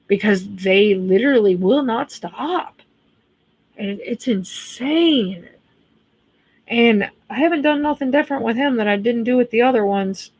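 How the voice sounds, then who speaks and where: A woman in her thirties with an American accent hosts a livestream, reading chat and talking casually in a husky, fairly high voice at a moderate pace. She is blunt and chatty, cursing freely.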